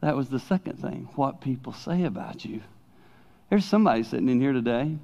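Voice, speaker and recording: An older man preaching a sermon, swinging between loud emphasis and hushed, personal asides. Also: mid-range voice, lively intonation, brisk, gravelly. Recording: dull lo-fi recording.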